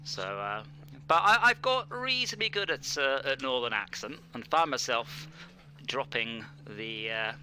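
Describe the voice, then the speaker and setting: A man's voice: medium pitch, sing-song, unhurried, bright, forceful tone, slight background noise. A man chatting casually and joking while streaming a racing game. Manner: joking, rambling with fillers. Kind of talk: casual chat while gaming.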